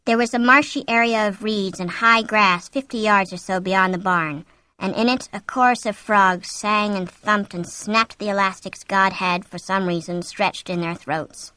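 A woman narrating a story aloud in steady scripted narration, slowing down at tense moments. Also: medium pitch, clean tone. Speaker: audiobook narrator.

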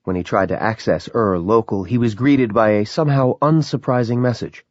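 A man narrating a novel in a lively, dramatic reading. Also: on the low side, moderate pace, few pauses, dry recording. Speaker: audiobook narrator. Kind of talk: scripted narration. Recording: dull, lo-fi sound.

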